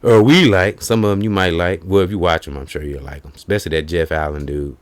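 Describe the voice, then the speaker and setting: A man hosting a casual chat, retelling comedians' jokes and breaking into high put-on voices for the punchlines. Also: fairly even intonation, fast. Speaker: host.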